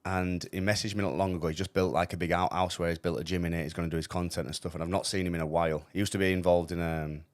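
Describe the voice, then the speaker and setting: A man telling animated, sweary anecdotes in a casual podcast chat. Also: low voice, racing, few pauses, no echo. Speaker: podcast guest.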